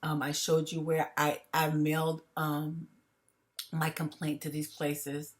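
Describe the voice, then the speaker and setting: A woman talks straight into her camera, rambling, restarting and filling every pause. She is under heavy stress and sounds it, her voice a little on the low side. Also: monotone. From United States. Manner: rambling, halting, many fillers and restarts. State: stressed, agitated. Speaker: vlogger. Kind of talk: emotional personal vlog.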